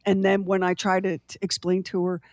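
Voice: medium pitch, monotone, a little fast, dry recording, studio quality. A co-host in casual chat who laughs often and drifts into playful tangents.

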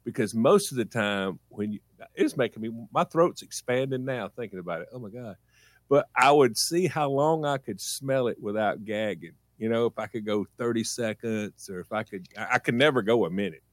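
A man's voice: moderate pace, dry recording, clean studio sound. A man telling a funny childhood story on a radio show, acting out his mother's lines. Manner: animated, acts out his mom in a high voice. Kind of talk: casual storytelling on morning radio.

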